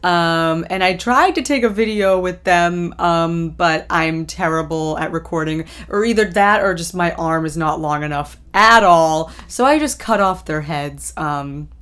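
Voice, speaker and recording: A young woman vlogger chatting casually through a recap, rambling with lots of ums and likes and quick laughs. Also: lowish voice, a bit bright, clear, resonant tone.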